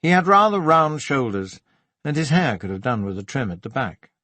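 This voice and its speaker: A man reading an audiobook in scripted narration, with a measured, even delivery. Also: medium pitch, no room sound.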